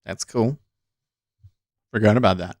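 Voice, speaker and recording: Low-voiced man muttering over live trades. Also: no room sound. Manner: muttering, halting, self-interrupting. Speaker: day trading livestream host. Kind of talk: thinking aloud while trading live.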